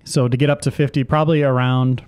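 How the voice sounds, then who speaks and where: A man's voice: mid-range voice, little pitch movement, fast, darkish tone, smooth, dry recording. A man co-hosting a casual gameplay video, joking and teasing his partner. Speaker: co-host.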